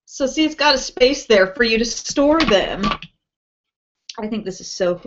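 A chatty woman with a fairly high voice hosts a beauty live stream from home, reading out viewer comments between ums and small laughs. The sound is a bit dull and lo-fi, like an older webcast. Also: lively intonation, a little slow, background noise. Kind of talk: casual live-stream chat.

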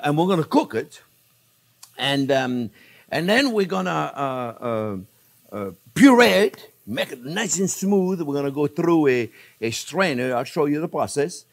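Older french guy cooking on his channel, animated sing-song voice, chatty, keeps saying friends. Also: on the high side, vocal fry. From France. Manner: chatty, repeatedly calls viewers friends, laughs at himself. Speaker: cooking show host. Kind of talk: casual cooking demonstration.

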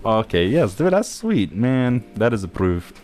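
A man's voice: mid-range voice, sing-song, measured pace, darkish tone, faint music behind. A man joking around in online voice chat, speaking in a theatrical, playful put-on persona over a headset mic. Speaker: streamer. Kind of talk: comedic voice-chat banter.

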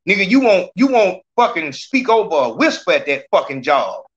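Ranting podcast host man, bright lo-fi voice. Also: sits high, big pitch swings, moderate pace. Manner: profane, ranting, challenging a chat commenter. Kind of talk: heated call-in podcast talk.

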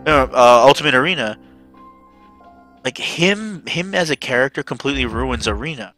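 A man streaming a game, ranting in loose profane bursts. His voice is bright and forceful, with faint game music behind. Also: mid-range voice, animated, normal speed. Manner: profane ranting, swearing often. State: panicked. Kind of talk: casual game stream commentary.

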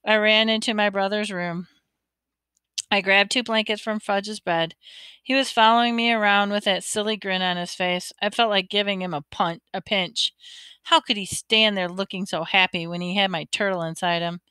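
A woman narrating a children's storybook aloud, in an expressive read-aloud manner. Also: medium pitch, moderate pace, clear, resonant tone, no room sound. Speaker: audiobook reader.

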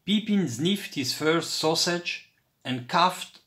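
A man reading a children's storybook aloud with expressive, unhurried storytelling. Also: a little high. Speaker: storybook reader.

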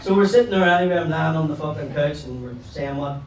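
A man with a Belfast accent doing a stand-up comedy set, rambling through crude stories and now and then breaking into loud shouts. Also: fairly high pitch, fast, echoey room, far from the mic, slight background noise, low-quality recording. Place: pub comedy room with a laughing audience.

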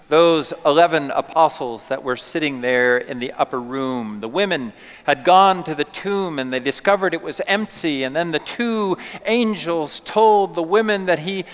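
A man preaching a sermon as a pastor, telling the story in a lively, playful way. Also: on the high side, clean tone. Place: church sanctuary. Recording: long church reverb.

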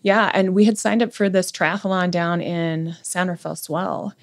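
A middle-aged woman with a lowish, gravelly voice, talking as a podcast guest. She recounts events vividly and intensely, acting out what people said. Her tone stays conversational throughout. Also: flat delivery, unhurried. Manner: intense, vivid retelling with quoted speech. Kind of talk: conversational storytelling.

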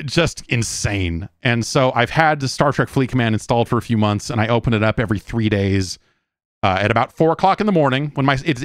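This man, a forties-aged podcast host, sounds mid-range and smooth in a clean studio recording free of room sound. He rants in an exasperated, offhand way, peppering it with profanity. He mocks what other people say, imitating them in quoted voices.

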